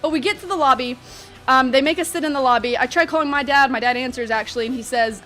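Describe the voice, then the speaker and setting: A young woman vlogger telling a story in an animated, chatty way, full of fillers. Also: sits high, fast. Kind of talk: storytime vlog.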